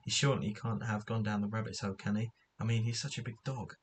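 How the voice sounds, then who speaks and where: A man's voice: fairly low pitch, steady tone, fast, a little hiss or hum, close to an everyday voice. A man reading the lines of a fierce young tomboy girl who loves her dog, in a raised, urgent voice from a storybook. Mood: worried.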